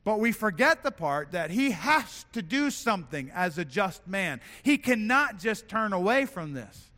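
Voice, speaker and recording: High, bright-voiced man preaching in a hall. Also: sing-song, a little slow. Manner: earnest, self-correcting, repeats words while building points. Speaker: pastor. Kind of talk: sermon.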